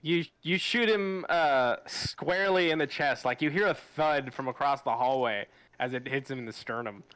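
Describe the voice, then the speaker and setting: A man narrating as game master of a tabletop game, casual and halting, with restarts and fillers. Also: mid-range voice, a bit bright, clear, resonant tone, no room sound.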